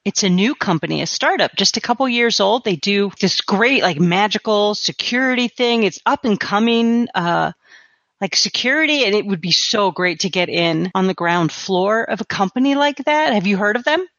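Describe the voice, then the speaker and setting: A woman's voice: medium pitch, expressive, moderate pace, a bit bright, no room sound, highs cut off. A woman voicing a nervous, apologetic young woman in a tabletop game who stammers and restarts her sentences. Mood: eager. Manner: stammering, flustered.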